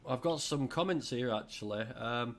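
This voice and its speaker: Middle-aged man, from England, livestream host, chatty and animated, jokey asides. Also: mid-range voice, normal speed. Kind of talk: casual chat reading viewer comments.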